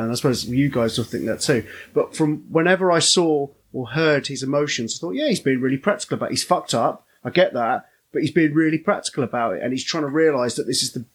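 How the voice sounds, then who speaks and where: A man's voice: medium pitch, husky. A man talking candidly and self-deprecatingly about a film character on a podcast. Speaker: podcast co-host. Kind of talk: casual film review chat.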